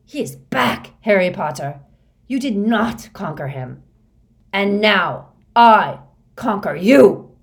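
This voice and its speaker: Moody, a woman voicing a crazed raving dark wizard. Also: medium pitch, animated, pitched above the performer's own voice. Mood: raving triumph. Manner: shouting, drawn-out, rising uncontrollably. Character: crazed man, a dark wizard, ranting and menacing.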